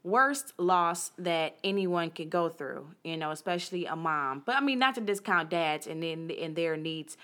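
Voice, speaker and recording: A woman co-hosting a casual talk show, retelling stories in a chatty, animated way. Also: fairly low pitch, moderate pace, hardly any pauses. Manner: chatty storyteller, acts out quotes. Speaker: podcast co-host. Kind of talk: casual chat.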